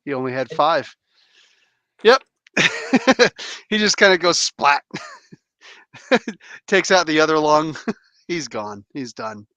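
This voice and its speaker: A man's voice: a little high, animated, slow pace, long pauses, sharp tone, dry recording. A man running a tabletop role-playing game as game master, joking and laughing often.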